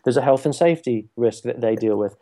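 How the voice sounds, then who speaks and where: A man's voice: medium pitch, fast, warm tone. A man hosting a podcast, chatting casually in a thoughtful, wry way and often repeating words. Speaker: podcast host. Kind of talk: casual conversation.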